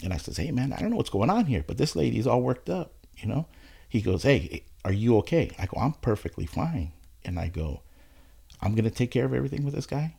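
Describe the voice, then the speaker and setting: A man's voice: mid-range voice, fairly quick, vocal fry, breathy edge. A man telling a story in casual chat, acting out the voices of the people in it. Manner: animated storytelling, acts out quoted voices.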